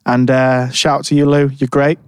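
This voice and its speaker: A man's voice: medium pitch, flat delivery, normal speed, clear, resonant tone, no echo. A man telling a rambling story in casual chat, full of fillers and restarts. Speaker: podcast co-host.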